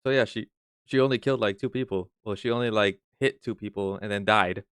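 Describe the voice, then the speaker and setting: Give me a man with a smooth, resonant voice doing loose, swearing reaction commentary. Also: fairly low pitch, fairly quick, fairly bright tone, no room sound, clean studio sound. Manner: profane, joking, mocking. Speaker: reaction streamer.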